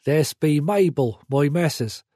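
A man's voice: on the high side, animated, unhurried, mellow, slightly rough, dry recording, studio quality. A man voicing a meek little farmer with a Suffolk accent.

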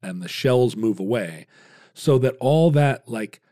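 A man in his fifties co-hosting a casual podcast, explaining at length in halting restarts with wry asides. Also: medium pitch, lively intonation, dark tone. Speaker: podcast co-host.

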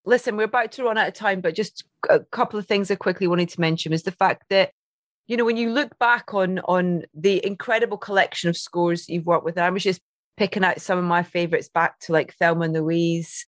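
A woman's voice: fairly low pitch, steady tone, a little fast, no echo. Effusive woman host, dry sound. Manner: enthusiastic, long rambling questions. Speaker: podcast host. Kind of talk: interview questions.

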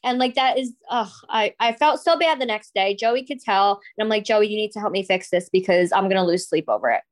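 A woman's voice: medium pitch, a little fast. A woman co-hosting a podcast in casual chat, blunt and laughing, swearing freely. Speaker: podcast co-host.

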